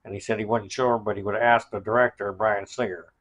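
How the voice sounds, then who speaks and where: A man's voice: on the low side, level tone, a little fast, a bit bright, rough recording. A man hosting a podcast, casually recapping in a rambling way with many fillers. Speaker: podcast host.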